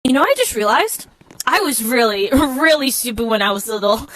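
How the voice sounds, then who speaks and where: A woman telling a self-mocking story in an animated way. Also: fairly high pitch, moderate pace, heavy background noise.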